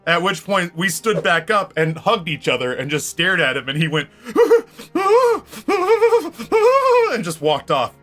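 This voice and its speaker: A man streaming a game, telling a story in a casual, animated way, swearing freely and laughing often. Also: a little high, moderate pace, hardly any pauses, faint music behind.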